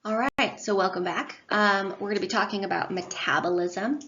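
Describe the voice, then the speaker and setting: A woman instructor records a lecture for her students, talking loosely with frequent fillers and little self-deprecating asides. Her voice sits at an ordinary middle pitch. The audio is a bit dull and lo-fi. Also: normal speed, a bit bright, slight background noise.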